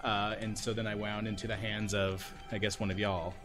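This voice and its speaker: A man player chatting quickly and upbeat, full of fillers and restarts. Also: fairly low pitch, level tone, over music. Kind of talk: casual chat.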